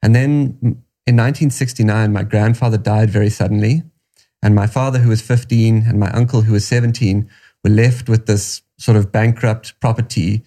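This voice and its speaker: A man with a South African accent, a guest telling stories from his upbringing in an unhurried, reflective way. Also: on the low side, steady tone, warm tone. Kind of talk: storytelling interview answers.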